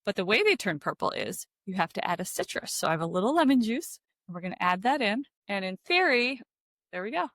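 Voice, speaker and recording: A woman's voice: medium pitch, a little fast, no echo, clean studio sound. A woman from Philadelphia with a Philadelphia accent, co-hosting a casual chat about cocktails. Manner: chatty and animated, filler-heavy. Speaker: podcast co-host.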